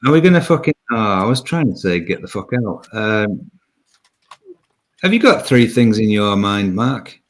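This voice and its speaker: Male host, casual sweary banter, crude teasing, lower-pitched voice with a swooping, animated delivery. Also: moderate pace.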